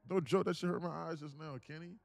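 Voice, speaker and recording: A man hosting a day trading livestream, talking in loose, joking, slang-heavy banter with quick restarts. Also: a little high, steady tone, gravelly, no echo. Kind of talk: casual livestream chat.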